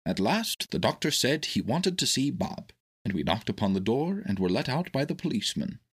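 A man narrating a children's storybook in a steady, expressive reading. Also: mid-range voice, normal speed, breathy edge.

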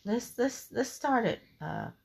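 A woman preaching a sermon, fervent and emphatic, repeating key phrases and reading scripture in a slow, measured cadence. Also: fairly high pitch, wildly swooping pitch, gravelly, darkish tone, husky.

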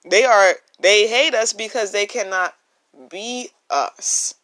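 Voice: mid-range voice, slow, bright, forceful tone. A podcast host talking earnestly and emphatically in a casual solo monologue, recorded on a phone with no microphone. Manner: earnest and emphatic, repeats key phrases.

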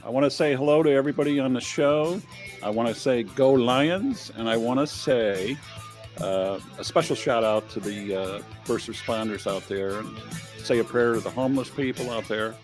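Friendly quick-talking male co-host. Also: mid-range voice, darkish tone, faint music behind. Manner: friendly, quick well-wishing greetings. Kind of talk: casual live-stream chat.

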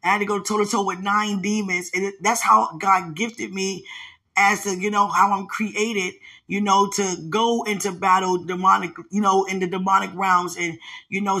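Husky woman with a bright edgy voice, rambling fervently thru a faith testimony. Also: mid-range voice. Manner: fervent, rambling, many fillers and restarts. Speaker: speaker sharing a spiritual testimony. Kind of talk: casual religious testimony.

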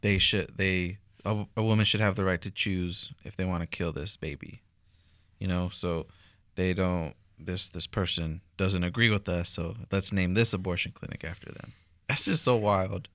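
A young man co-hosting a podcast, speaking haltingly and often starting his sentences over. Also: low voice, fairly even intonation, a bit bright, no echo, clean studio sound. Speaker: podcast co-host. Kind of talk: casual podcast chat.

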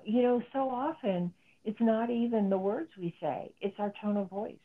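Heard through a narrow, phone-like connection, a middle-aged woman who is a psychotherapist and author speaks as an interview guest. Her mid-range voice moves at a moderate pace, and her delivery is earnest and explanatory, with quoted speech acted out.

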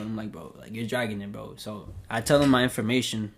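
A man's voice: on the low side, a little fast, vocal fry. Profane young New man telling a story. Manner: profane, animated retelling with acted-out quotes. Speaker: podcast host. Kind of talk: casual storytelling.

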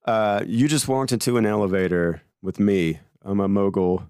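Male podcast host, playful and bantering, lower voice, dry close recording. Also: fairly even intonation, moderate pace, a little mellow, smooth, dry recording. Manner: playful, role-plays a studio mogul. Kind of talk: casual chat about films.

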